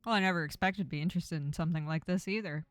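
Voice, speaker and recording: A woman's voice: on the low side, very fast, dry recording, faint music behind, lightly acted. A woman voicing a laid-back young male friend in a game, talking casually with a lisp from a sore tongue. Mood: musing.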